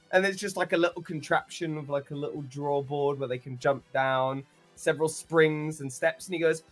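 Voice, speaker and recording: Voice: medium pitch, steady tone, normal speed, few pauses, soft background music. A game master narrating a tabletop game in loose, giggly description.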